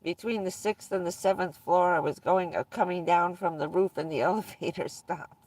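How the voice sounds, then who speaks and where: A woman's voice: lowish voice, normal speed, darkish tone, no echo, distant mic. A woman vlogger casually telling rambling personal stories to her viewers, often breaking into laughter mid-sentence.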